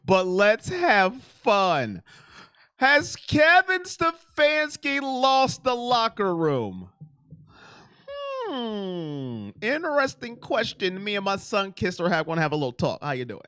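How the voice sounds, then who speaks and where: Animated high-voiced male stream host. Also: slow, clean tone, no echo, studio quality. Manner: animated, reads chat aloud and reacts. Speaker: sports live-stream host. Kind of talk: casual live-stream chat.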